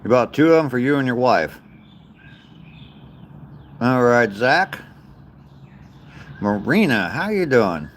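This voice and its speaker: A man's voice: medium pitch, very animated, slow, long pauses, a little hiss or hum. An older man chatting casually on a livestream while walking outdoors, greeting viewers by name and chuckling at their comments. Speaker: livestreamer reading viewer chat. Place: outdoors on a walk.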